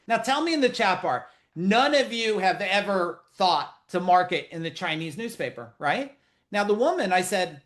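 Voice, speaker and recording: A fairly high-voiced, middle-aged man leads a live video-call webinar aimed at business owners, speaking at normal speed. His casual coaching style is direct to the audience, animated and loose, full of jokes, bluntness, and profanity.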